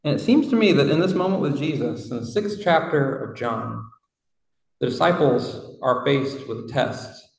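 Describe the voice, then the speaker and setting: A man's voice: mid-range voice, lively intonation, normal speed, vocal fry. A man preaching a sermon in a reflective, conversational way, with casual asides. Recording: roomy hall from far off.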